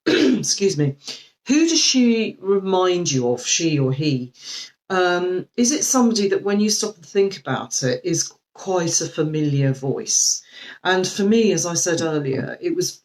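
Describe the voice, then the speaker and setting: A woman coach giving a live video talk, speaking gently and reflectively with frequent ums and restarts. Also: low voice, poor audio. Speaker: life coach.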